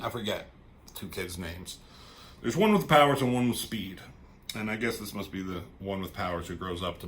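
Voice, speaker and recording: A man's voice: on the low side, creaky, fairly bright tone. A man reviewing a comic book in a loose, rambling, casual way, swearing freely and trailing off as he goes.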